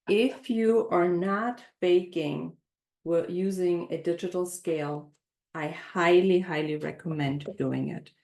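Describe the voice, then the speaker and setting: A middle-aged woman teaching a live online baking class from her home kitchen, speaking gently and leading a calm breathing exercise. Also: fairly low pitch, roomy sound. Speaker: baking instructor.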